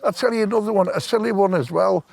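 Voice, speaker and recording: An older man in his 70s, a stranger on an outdoor park bench, tells a long, meandering story from his life in plain speech. His voice sits high and creaky with a darkish tone, and he talks at a quick pace.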